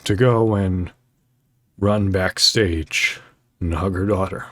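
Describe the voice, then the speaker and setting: Male podcast host, deep and slow, casual heartfelt chat with lots of ums, dry recording. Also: dry recording. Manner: halting, many fillers, heartfelt storytelling. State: choked up.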